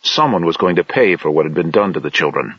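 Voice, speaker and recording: A man reading a science fiction audiobook in steady, measured narration. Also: sits low, breathy edge, no echo. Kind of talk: scripted narration. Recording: dull lo-fi dry audiobook recording.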